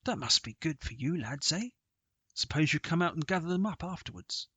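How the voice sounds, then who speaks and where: A man voicing a blustering older gentleman golfer who talks in clipped, jovial, brusque phrases. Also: a little high, expressive, fairly quick, slightly rough, no room sound, highs cut off, voice pushed up, heavily acted. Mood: prodding.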